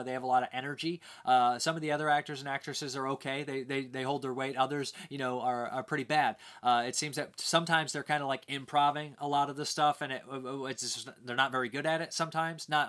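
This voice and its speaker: An easygoing man talks through a home video review in a casual, rambling way. He fills his pauses with plenty of "uh"s, at an average pitch. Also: fairly bright tone, clean tone. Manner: rambling, many "uh" fillers, easygoing.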